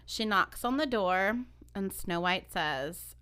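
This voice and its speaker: A woman co-hosting a podcast, retelling a fairy tale in a casual, animated way. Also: mid-range voice, smooth. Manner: animated, quick to agree and laugh. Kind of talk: casual storytelling chat.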